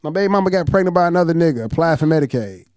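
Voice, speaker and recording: Profane, animated man telling his story. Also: on the high side, racing, clean tone. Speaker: podcast host. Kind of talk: casual storytelling chat.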